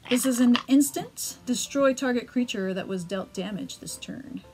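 A woman's voice: fairly high pitch, normal speed, a little mellow. Woman, casual co-host, giggly, reads card text aloud, faint music under. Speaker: co-host opening card packs. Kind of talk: casual chat.

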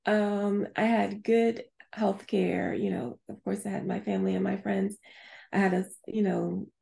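Middle-aged woman guest, very gravelly, mellow tone, halting delivery with restarts. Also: mid-range voice, flat delivery. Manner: halting, many restarts and fillers. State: speech affected by a past stroke. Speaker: podcast guest. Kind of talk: casual interview chat.

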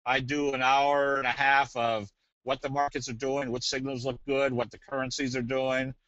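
A man presenting a trading webinar in a casual, folksy way, slipping in jokes and a sales pitch. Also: little pitch movement, normal speed, fairly bright tone, no room sound. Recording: dull, dry webinar audio.

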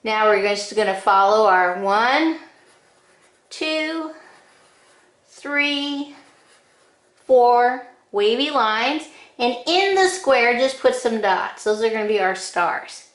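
A woman giving a drawing lesson, calling out short steps one at a time in a slow, patient way. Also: on the high side, animated, a bit bright, reverberant. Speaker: drawing teacher. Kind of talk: step-by-step drawing instruction.

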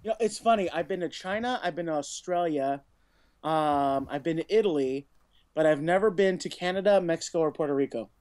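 A man's voice: fairly high pitch, a little fast, a little mellow. A man from the United States co-hosting a podcast, chatting casually and rambling with chuckles and joking asides. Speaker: podcast co-host.

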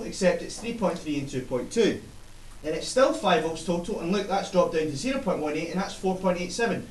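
A male science teacher giving a classroom lesson, explaining step by step and checking in with the class. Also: sits high. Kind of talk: classroom instruction. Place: school classroom. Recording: echoey classroom, mic far off, faint hiss.

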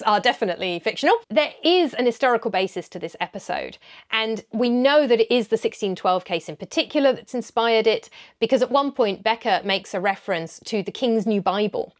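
A woman, hosting a history video and explaining in a chatty way with frequent ums. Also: mid-range voice. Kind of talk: educational commentary.

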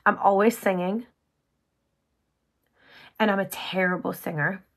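A woman hosting a casual makeup tutorial, bubbly and chatty, full of "like", often dropping to a soft whisper. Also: medium pitch, fairly even intonation, a little slow. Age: adult with sons. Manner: bubbly, chatty, heavy use of "like".

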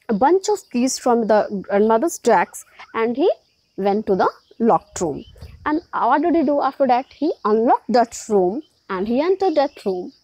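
A woman's voice: fairly high pitch, warm tone, no room sound, poor audio. A woman teacher reading a story to a class and explaining it with questions.

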